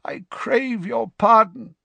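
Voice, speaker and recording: A man playing a cowering servant with a high, hoarse, croaking voice, groveling and rushing his words. The sound is dry and up close. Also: bright, forceful tone, no room sound, highs cut off, full character voice. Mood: groveling fear. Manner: groveling, hurried, fearful.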